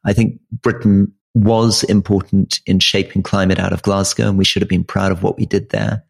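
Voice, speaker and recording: Give me a thoughtful middle-aged man on a podcast with a low, raspy voice. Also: little pitch movement, moderate pace. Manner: wry, self-deprecating, thoughtful with frequent restarts. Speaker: podcast co-host. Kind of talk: casual podcast chat.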